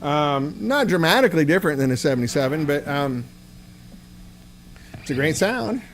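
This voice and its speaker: A man with a fairly high voice speaking at normal speed hosts a casual livestream, loosely chatting and answering chat with many filler words. He's an amp builder, and an electric guitar rings loudly through an amp behind him.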